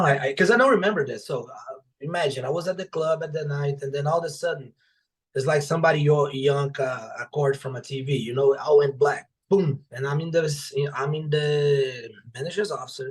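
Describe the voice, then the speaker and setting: A young adult man, a podcast guest and author, telling casual stories with plenty of swearing and acted-out dialogue. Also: medium pitch. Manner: animated, profane, acts out quoted dialogue. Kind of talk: casual storytelling in conversation.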